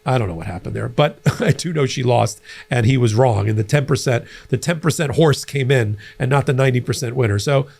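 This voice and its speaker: A middle-aged man hosting a political commentary show, talking in an animated, conversational way with frequent restarts. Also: medium pitch, brisk, gravelly. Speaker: host.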